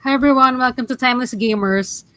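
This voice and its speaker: A woman's voice: fairly high pitch, quick pace, sharp tone, no room sound, poor audio. A woman serving as show captain on a gaming panel, welcoming viewers politely. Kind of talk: casual panel chat.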